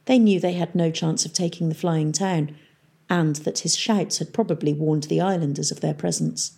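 A woman narrating an audiobook in a steady storytelling manner. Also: deep voice, normal speed, gravelly, breathy edge. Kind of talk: audiobook reading.

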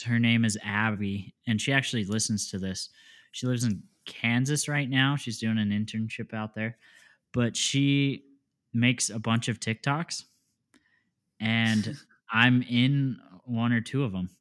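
A young man co-hosting a podcast at an unhurried pace. He jokes around in relaxed, casual chat and breaks into laughter often. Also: mid-range voice. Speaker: podcast co-host.

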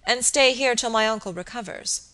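A woman reading the part of a grave, preoccupied young gentleman barrister in an audiobook. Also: on the high side, voice pushed up. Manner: grave, measured.

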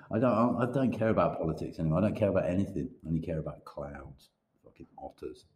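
A man's voice: deep voice, quick pace, darkish tone, reverberant, slight background noise. A man who is an author talking casually on a podcast, rambling, swearing and laughing often. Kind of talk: casual chat.

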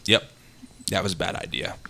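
A man hosting a casual podcast chat, joking and telling stories. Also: moderate pace. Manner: joking, animated storyteller. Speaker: podcast host.

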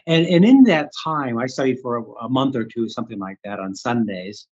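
A man's voice: mid-range voice, lively intonation, a little fast, darkish tone, husky, highs cut off. An older man from the Midwestern United States, candidly telling a story as an interview guest and acting out his own past thoughts. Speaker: guest, Reiki teacher.

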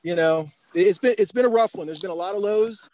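A man's voice: high voice, fast talker, a crowd in the background. A man co-hosting a podcast, talking casually and reflectively with many fillers. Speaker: podcast co-host. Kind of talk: casual chat.

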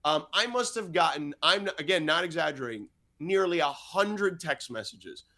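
A man from the United States who works as a sports reporter, guesting on a podcast. His voice is bright and sits a little high, and he tells stories with lively energy, slipping into the voices of the people he quotes. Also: normal speed. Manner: lively anecdote-teller who acts out quoted dialogue. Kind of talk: storytelling in a podcast interview.

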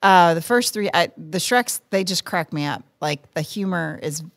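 A woman's voice: fairly low pitch, lively intonation, normal speed, dry recording. A woman co-hosting a podcast in casual chat, easygoing, often searching for words and laughing. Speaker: podcast co-host.

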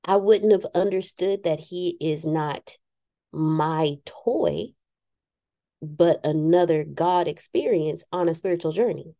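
Woman on a spiritual chat show, kinda dark mellow tone, blunt and laughs at herself. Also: lowish voice, slow. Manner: candid and self-deprecating, preachy asides. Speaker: podcast co-host. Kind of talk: casual spiritual talk.

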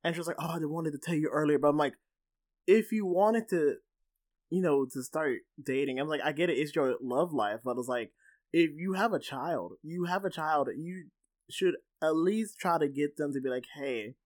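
A man co-hosting a casual film discussion, animated and full of "like" fillers. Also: on the high side, normal speed. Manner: animated, filler-heavy, lots of "like". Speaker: podcast co-host.

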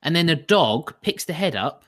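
A man's voice: a little high, expressive, normal speed, a bit bright. A man in casual podcast chat, musing in a dry, puzzled way. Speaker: podcast co-host.

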